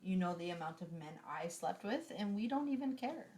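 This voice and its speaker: A woman's voice: fairly low pitch, lively intonation, brisk, darkish tone. A woman hosting a casual podcast chat, frank and blunt, laughing often. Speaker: podcast host.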